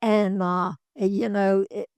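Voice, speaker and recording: A woman's voice: medium pitch, flat delivery, takes it slowly, darkish tone, no echo. An older woman, a former executive assistant, telling rambling, folksy anecdotes in an office interview. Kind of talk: casual storytelling.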